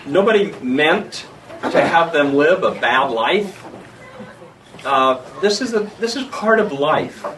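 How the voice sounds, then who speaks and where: A man's voice: on the high side, expressive, takes it slowly, distant mic, background noise. A man leading a group discussion, prompting and explaining. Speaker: discussion leader.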